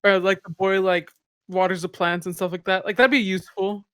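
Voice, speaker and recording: A man's voice: sits high, little pitch movement, fairly quick, a bit bright, clear, resonant tone, no echo, clean studio sound. A man chatting easily on a podcast panel, laughing often. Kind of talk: casual chat.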